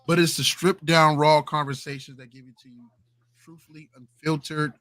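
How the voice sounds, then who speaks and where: A man's voice: on the high side, level tone, moderate pace, a bit bright. A man hosting a casual late-night podcast, laid-back and slangy. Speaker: podcast host. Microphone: home streaming mic, adjusting gain.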